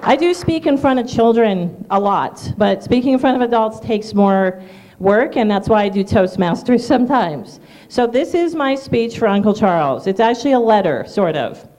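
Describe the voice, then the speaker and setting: A woman's voice: fairly high pitch, animated, moderate pace, warm tone, poor audio. A nervous, shaking woman giving a tribute speech, hesitant with fillers, then reading a letter. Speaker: speaker at a tribute event.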